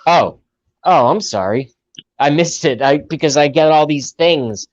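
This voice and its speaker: A man's voice: fairly high pitch, unhurried, dry recording. A man in his thirties from the United States, rambling and explaining at length with fillers in a casual chat. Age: 30s. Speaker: chat guest. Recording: dull lo-fi dry sound.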